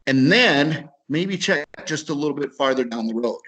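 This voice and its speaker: A man's voice: fairly high pitch, expressive, normal speed, a bit bright, husky, low-quality recording. A man with an Upper Midwest American accent giving a webinar talk, telling a story in a casual way, repeating words and acting out both sides of a conversation. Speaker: webinar speaker. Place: video webinar.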